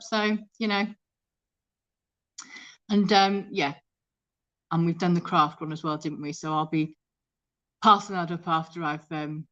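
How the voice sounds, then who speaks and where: A woman's voice: mid-range voice, fairly bright tone. Chatty woman on a lo-fi live stream. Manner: chatty and rambling, reads out viewer comments. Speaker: thrift reseller hosting a live stream. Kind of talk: casual live-stream chat. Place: home kitchen.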